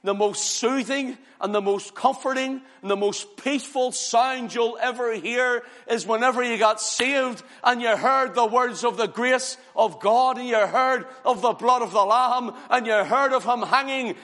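A man preaches a revival sermon in a high, ringing voice. His delivery is fervent and rhythmic, swelling into loud cries and sinking into hushed near-whispers. The sound carries a long reverb, as from a church hall.

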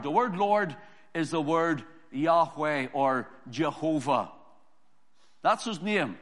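Preacher, male, fairly high voice, forceful repetitive sermon delivery, long reverb. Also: expressive, slow. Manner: emphatic, repetitive preaching cadence.

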